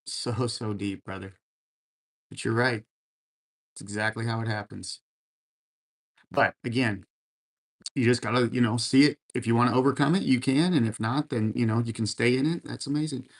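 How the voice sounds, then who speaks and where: A man's voice: mid-range voice, steady tone, moderate pace, long pauses. A man hosting a casual livestream, reading out viewer comments and answering in a laid-back, encouraging way, often calling people man and brother. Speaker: livestream host. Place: room at home full of racing gear.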